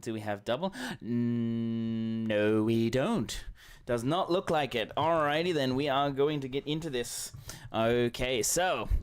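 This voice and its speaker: Male streamer, mid-pitch, smooth tone, rambling casual chat, faint music underneath. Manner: rambling, affectionate, many fillers and restarts. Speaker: game streamer. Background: faint background music.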